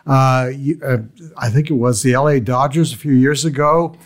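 A man's voice: mid-range voice, fairly even intonation, normal speed. A man co-hosting a talk radio show, recapping a news story with plenty of hesitations. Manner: hesitant, lots of uh fillers. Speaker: radio co-host.

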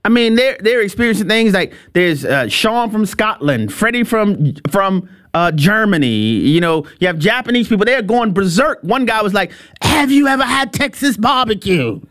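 A man's voice: high voice, animated, normal speed, hardly any pauses, fairly bright tone. A middle-aged man hosting a show, giving an emphatic, opinionated commentary monologue with repetitions and chuckles. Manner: emphatic, repeats himself, chuckles. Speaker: show host.

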